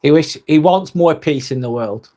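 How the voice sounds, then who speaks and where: A man's voice: fairly high pitch, normal speed, warm tone. A man hosting a casual live vlog, reading viewer comments aloud and chatting back to them.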